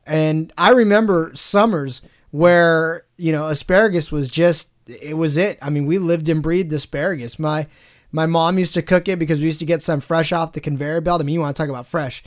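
A man's voice: a little high, normal speed. A man co-hosting a podcast, talking with folksy enthusiasm and lots of fillers. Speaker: podcast co-host. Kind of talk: casual chat.

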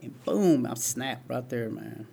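Gravelly man in his forties telling his story. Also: medium pitch, animated, slow pace, dark tone, a little hiss or hum. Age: 40s. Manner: earnest, storytelling with filler "man" and "right". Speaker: interview guest.

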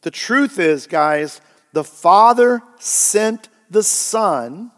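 A man's voice: high-pitched, animated, extremely slow, a bit bright, long reverb tail. A male pastor preaching a sermon, emphatic and often asking the congregation rhetorical questions.

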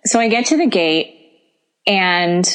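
A woman co-hosting a podcast tells a story in casual chat, animatedly acting out the people in it, performing their quoted dialogue and laughing often. Her voice is on the low side, slow and smooth.

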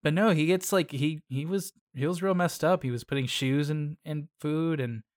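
A man co-hosting a podcast in a casual, playful chat, full of filler words and quick asides. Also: on the high side, dry recording, studio quality. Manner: animated, playful, lots of filler "like". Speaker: podcast co-host.

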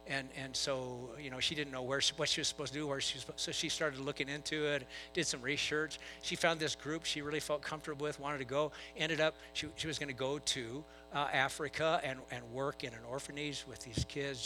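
Bright-voiced male pastor preaching. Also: on the high side, poor audio. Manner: storytelling with swings from soft to loud. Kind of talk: sermon. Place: church.

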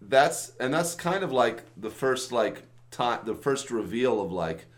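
A man's voice: mid-range voice, very animated. A man co-hosting a podcast, talking casually and often restarting his sentences. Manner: halting, restarts phrases. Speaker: podcast co-host. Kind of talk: casual chat.

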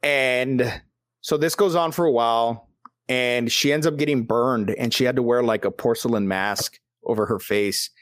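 On his podcast, an adult dad tells rambling stories in casual conversation, heavy on profanity and fillers. He speaks at a moderate pace in a mid-range voice without echo.

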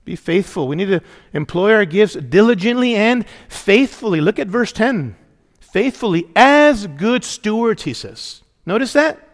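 A man's voice: high voice, big pitch swings, a little slow. Emphatic male pastor in a reverberant hall. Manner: emphatic, asks the congregation for responses. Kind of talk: sermon. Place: church sanctuary.

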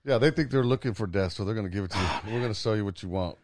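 A man's voice: fairly low pitch, rapid-fire, a little mellow. A man co-hosting a casual podcast, talking reflectively with many hesitations and fillers. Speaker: podcast co-host, artist.

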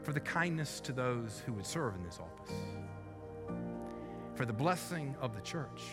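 A man's voice: medium pitch, expressive, measured pace, over loud music. Earnest preaching man in a reverberant church. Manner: earnest storytelling, rising to loud emphatic peaks. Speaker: pastor. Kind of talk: sermon.

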